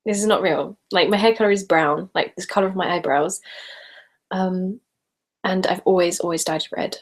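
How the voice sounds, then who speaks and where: A woman's voice: on the low side, fairly even intonation, normal speed. A young woman hosting a casual live stream, chatting and giggling as she answers viewers. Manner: chatty and giggly, speaks normally rather than whispering.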